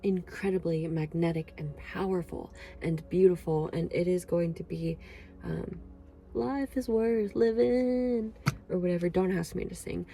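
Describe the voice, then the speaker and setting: A woman's voice: fairly low pitch, creaky, warm tone. A woman giving an emotional, effusive pick-a-card tarot reading, rambling with fillers. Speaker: tarot reader.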